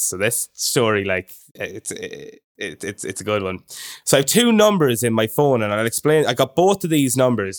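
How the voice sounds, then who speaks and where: A young Irish man telling a long, chatty anecdote on a casual podcast. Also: medium pitch. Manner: chatty anecdotal storyteller, animated impressions of others. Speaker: podcast co-host. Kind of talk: casual chat, storytelling.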